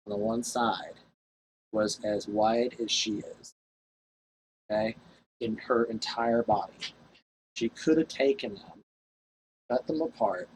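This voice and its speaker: A man's voice: medium pitch, darkish tone, poor audio. Man talking to his own camera, loose and salty, mid-range voice, light hiss behind. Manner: rambling, profane, laughs at his own story. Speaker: vlogger. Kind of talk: casual storytelling to camera.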